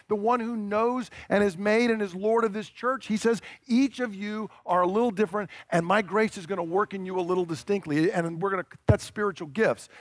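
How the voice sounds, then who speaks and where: A high-pitched pastor from the American South preaches a sermon, stressing and repeating his key points and slowing down to drive them home. The audio has no echo.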